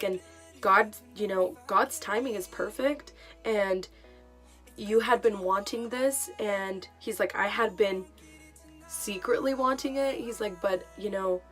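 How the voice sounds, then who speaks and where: A woman's voice: mid-range voice, a bit bright. A young woman vlogger telling a personal story in a casual, emotional way, with many fillers.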